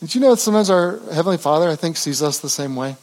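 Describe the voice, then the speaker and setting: A pastor preaching a sermon in an earnest, conversational way, with frequent restarts. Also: male voice, a little high, lively intonation, rapid-fire, darkish tone.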